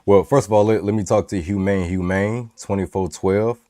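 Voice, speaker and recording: A man's voice: fairly even intonation, moderate pace, dark tone, no echo, clean studio sound. A man co-hosting a casual podcast, laid-back and joking. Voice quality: deep smooth radio voice. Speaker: podcast co-host. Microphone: new microphone.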